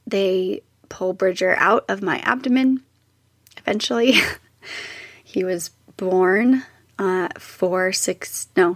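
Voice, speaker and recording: A woman's voice: medium pitch, creaky, no echo, studio quality. A young woman telling her own birth story in a casual, emotional way, acting out what others said. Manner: emotional, tearful at times, quotes others in lively voices.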